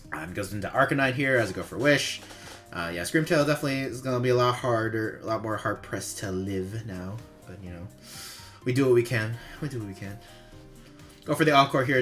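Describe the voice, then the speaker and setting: Male gamer, low and bright-toned, relaxed rambling play-by-play with frequent chuckles and casual swearing, faint music underneath. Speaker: competitive player reviewing his own match replay. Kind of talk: casual gameplay commentary.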